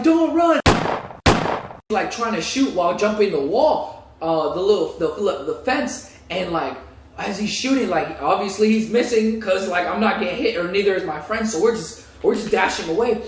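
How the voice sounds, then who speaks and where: A young man telling a casual story, animated and full of slang, repeating himself as he goes. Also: high voice. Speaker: vlogger. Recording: echoey room, voice a bit far from mic.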